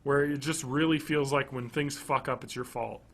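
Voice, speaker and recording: A man in his thirties co-hosting a podcast, chatting casually and enthusiastically, rambling and swinging between loud bursts and quiet mumbles. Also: mid-range voice, fairly even intonation, normal speed, slight background noise. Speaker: podcast co-host. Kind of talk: casual chat.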